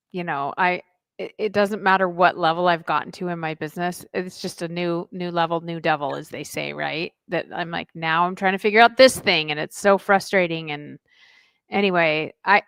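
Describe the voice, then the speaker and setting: A middle-aged woman, a life coach, telling a lively personal story as a podcast guest, acting out the dialogue. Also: fairly low pitch, clean tone, no room sound. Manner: chatty, animated storyteller who acts out dialogue. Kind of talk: casual interview storytelling.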